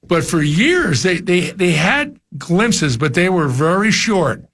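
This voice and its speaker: A man's voice: high voice, sing-song, slow, fairly bright tone. An older man from New Jersey, a former coach, chatting casually on sports radio and often repeating his first words. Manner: rambling, repeats words when starting thoughts. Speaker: former college football coach, guest.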